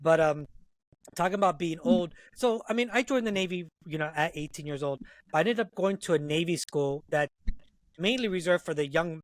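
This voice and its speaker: A man co-hosts a casual podcast in a fairly high voice, musing aloud and checking that others follow. His sound is dry and close, with no room around it. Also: a little fast, dry recording, poor audio. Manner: reflective, checks in often with "right?". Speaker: podcast co-host, retired Navy corpsman.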